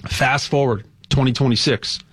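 A man hosting a casual talk, rambling with repeated words and growing animated as he goes. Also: mid-range voice, normal speed, breathy edge. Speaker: host.

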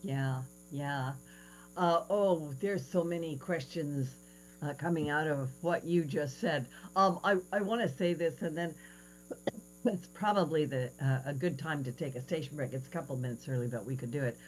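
A woman in her sixties hosting a radio talk show, telling a story with lively quoted voices, over a faint hiss. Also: deep voice, moderate pace, poor audio. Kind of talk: casual interview chat.

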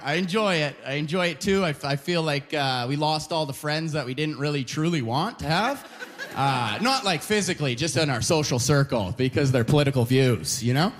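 A young man from Alberta doing a stand-up comedy set on a club stage, talking loosely with many quoted voices and constant "you know". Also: on the high side. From Alberta, Canada. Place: comedy club stage before a live crowd.

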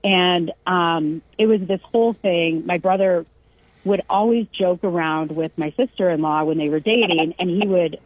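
Chatty low-voiced woman on a phone-like line. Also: no echo. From California. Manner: lively storyteller who acts out quoted voices and laughs. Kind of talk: casual storytelling chat. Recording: dry, narrow phone-like radio sound.

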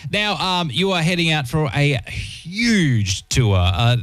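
A chatty Australian man hosting a radio interview, with a slightly higher voice. He fills his questions with ums and uhs and laughs easily, and the sound is dry and close. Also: lively intonation, slow pace, a bit bright, dry recording. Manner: chatty, filler-heavy, easily amused. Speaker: radio host.

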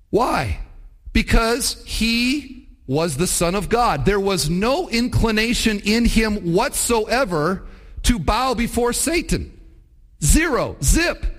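A middle-aged man preaching a sermon, emphatic and animated, acting out short voices as he tells a story. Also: high-pitched. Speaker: pastor.

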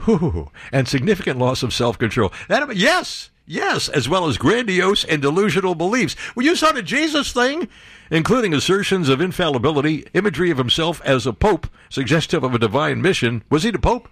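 A male talk radio host speaks into a studio mic with biting sarcasm and a mocking edge. His pitch swings widely as he riffs and needles. The sound is dry and close, with no room around it. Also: big pitch swings, brisk, fairly bright tone, slightly rough, no echo. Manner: sarcastic, mocking, jumps to put-on voices. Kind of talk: opinionated talk radio monologue.

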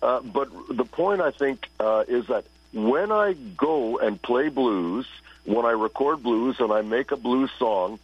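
A blues musician and radio broadcaster from Toronto, Canada, tells stories in a casual interview, animatedly acting out the people he quotes. His medium-pitched voice is a little slow and slightly rough, and the audio is dull.

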